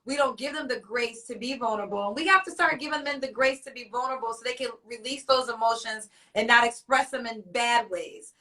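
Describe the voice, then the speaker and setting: A woman hosting a live online talk show with a high, bright voice. She talks in an effusive, emotional way. Her mic sits a little distant. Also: brisk, hardly any pauses. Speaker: host.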